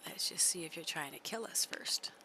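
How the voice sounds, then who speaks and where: A woman's voice: deep voice, moderate pace, pushed and bright, whispered. A woman streamer giving chatty live gameplay commentary, laughing often and coaxing her horse along.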